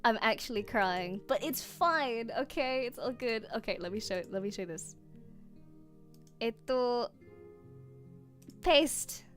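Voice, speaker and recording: A woman's voice: on the high side, lively intonation, a little slow, faint music behind. A young woman streaming a casual chat as a VTuber, bubbly and prone to squealing over fan art.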